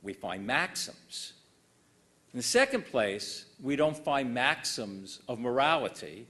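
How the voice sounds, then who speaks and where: Older male lecturer, animated pitch, dry wit, formal and measured delivery. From United States. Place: lecture hall.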